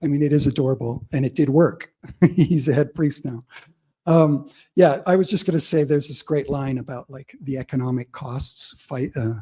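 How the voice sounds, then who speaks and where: A man's voice: medium pitch, normal speed, mellow, breathy edge. A man giving an informal academic lecture, chatty and often laughing.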